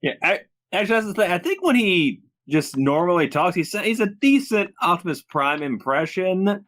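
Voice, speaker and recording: A man in a casual group review, agreeing readily and adding quick asides. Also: high voice, expressive, fairly bright tone. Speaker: podcast panelist.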